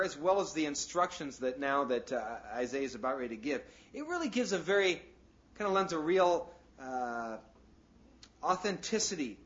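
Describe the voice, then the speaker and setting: A man preaching a sermon in a loose, conversational way, full of "you know" asides and jokes. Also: on the high side. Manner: breaks into jokes and acted asides. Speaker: pastor. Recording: dull, lo-fi sound.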